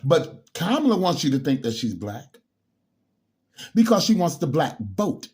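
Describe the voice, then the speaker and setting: Heated, high-voiced man on a rant. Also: sing-song, measured pace. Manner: heated, preachy, repeats words and restarts, sudden loud outbursts. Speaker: bishop. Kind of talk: political rant to camera.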